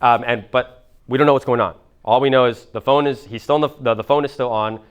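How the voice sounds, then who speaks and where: Young guy rambling through a story fast, super clear voice, swears a lot. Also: medium pitch, fairly even intonation. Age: 20s. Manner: casual, rambling, profane. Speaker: motivational speaker. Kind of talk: live seminar storytelling.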